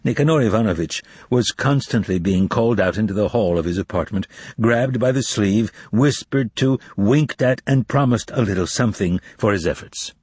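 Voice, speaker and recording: A man reading a novel aloud as audiobook narration, in a lively, theatrical manner. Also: lowish voice, normal speed, few pauses, breathy edge, dry recording. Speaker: audiobook reader.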